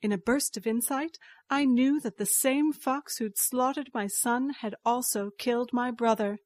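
Woman narrator, higher voice, unhurried, dry studio read. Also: a little mellow, no echo. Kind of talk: scripted story narration.

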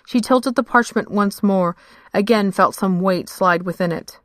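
A woman's voice: mid-range voice, unhurried, dry recording. Dry-voiced woman narrating fiction.

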